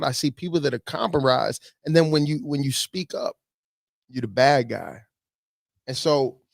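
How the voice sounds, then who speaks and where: A man's voice: mid-range voice, gravelly, no echo, studio quality. A man giving fervent, preachy commentary, getting teary-eyed and repeating himself for emphasis. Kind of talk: emotional commentary.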